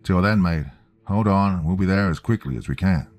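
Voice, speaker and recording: A man voicing a cheerful radio operator with an Australian accent, brisk and official. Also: deep voice, soft background music, close to an everyday voice. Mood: breezy.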